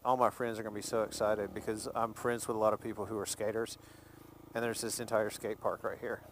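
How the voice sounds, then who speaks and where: A man's voice: on the low side, slight background noise. A man, from Alabama, rambling and joking in a casual vlog while driving his car. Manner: chatty, rambling, jokey, laughs easily. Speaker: vlogger.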